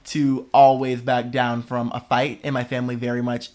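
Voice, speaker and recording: A young man hosting a podcast in casual chat, expressive and dramatic, laughing often. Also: mid-range voice, normal speed. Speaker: podcast host.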